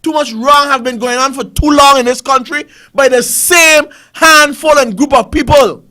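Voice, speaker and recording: Fiery high-voiced Caribbean talk host. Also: male voice, normal speed, sharp tone. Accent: Caribbean English. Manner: ranting, repetitive, rhetorical questions. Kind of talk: fiery political commentary.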